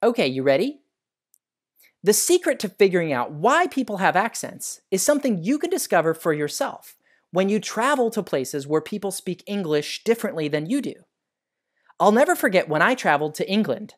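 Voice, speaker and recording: Lively American man telling stories. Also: sits high, normal speed. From United States. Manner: animated, friendly storytelling. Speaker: educational show host. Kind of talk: storytelling science lesson for kids.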